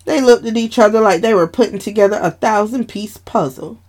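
A woman reading a dramatic family story aloud in an unhurried, expressive storytelling manner. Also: medium pitch.

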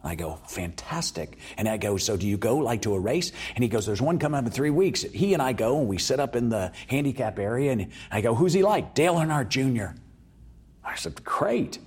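A man's voice: lowish voice, expressive, brisk, hardly any pauses, a little mellow, husky. A man telling a story as an interview guest, acting out the voices of the people in it.

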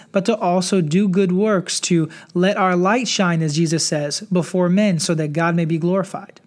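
Measured devotional preacher reading scripture. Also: medium pitch, darkish tone. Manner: measured teaching, reading scripture passages aloud. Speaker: preacher and podcast host. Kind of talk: devotional Bible teaching.

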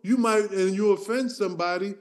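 A middle-aged man co-hosting a podcast, telling a story in a casual, animated way, laughing and acting out voices as he goes. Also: high voice, a little fast. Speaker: podcast co-host.

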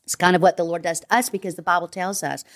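A woman's voice: on the low side, fairly even intonation, fast talker. Earnest older woman teaching scripture. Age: older, a grandmother. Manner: earnest, emphatic, repeats phrases in lists. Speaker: guest Bible teacher. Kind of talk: devotional podcast interview.

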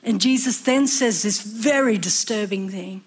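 Slow, earnest woman preaching. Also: mid-range voice, breathy edge. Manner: expressive, acts out voices and cries. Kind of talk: sermon.

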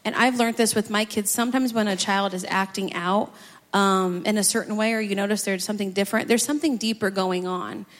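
Chatty mom speaking in a big echoey hall. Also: female voice, mid-range voice, fairly quick. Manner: chatty, animated, acts out her own outbursts. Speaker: church guest speaker. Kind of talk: personal testimony on a church stage. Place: church sanctuary. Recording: long hall reverb.

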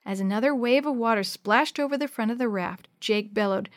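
A woman reading a children's adventure story aloud, lively, changing her voice for each child and dropping to a hush for the whispered parts. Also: on the high side, brisk, no room sound, studio quality. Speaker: storybook narrator.

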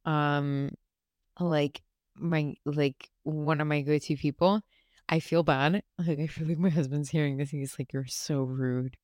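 A woman's voice: low voice, steady tone, unhurried, a little mellow, no room sound, studio quality. A young woman hosting a podcast, talking casually and from the heart, rambling with lots of "like" and restarts. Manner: rambling, heartfelt, many fillers. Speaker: podcast host. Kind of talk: casual solo chat.

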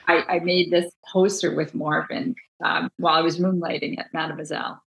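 A woman with a New Jersey accent, a book designer telling stories in a casual interview, animated and full of restarts. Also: sits low, brisk, gravelly, low-quality recording. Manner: animated, acts out quoted voices, many restarts.

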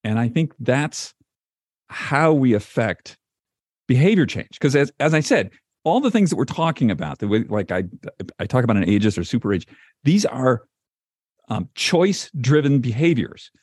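A man's voice: medium pitch, big pitch swings, moderate pace, darkish tone, husky, no room sound, studio quality. A man co-hosting a podcast in casual conversation, chatty and full of "like"s and restarts. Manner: chatty, many likes and restarts. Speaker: podcast co-host.

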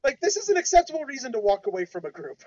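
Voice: sits high, huge pitch swings, rapid-fire, a little mellow, no echo, highs cut off. Earnest podcast co-host giving advice. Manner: earnest, advising. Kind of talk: casual discussion.

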